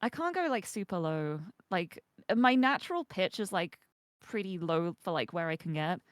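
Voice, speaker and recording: A young woman streamer chatting casually and relaxed, laughing easily with her co-streamers. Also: fairly low pitch, moderate pace, dry recording, clean studio sound.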